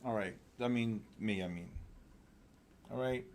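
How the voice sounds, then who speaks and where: A man hosting a live trading session, talking fast and excitedly with sudden loud exclamations. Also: fairly low pitch. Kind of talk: live trading room commentary.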